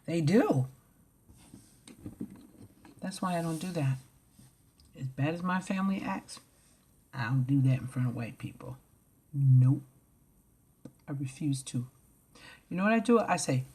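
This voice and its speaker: A woman vlogger ranting to camera, blunt and profane, swinging from loud outbursts to low mutters. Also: a little slow, pauses often, slightly rough. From United States.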